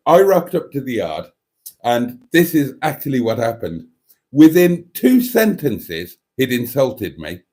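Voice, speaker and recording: Lively, rambling man on a livestream. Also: mid-range voice. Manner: dry, self-mocking and rambling. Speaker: livestream host. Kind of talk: casual livestream chat, reading viewer comments.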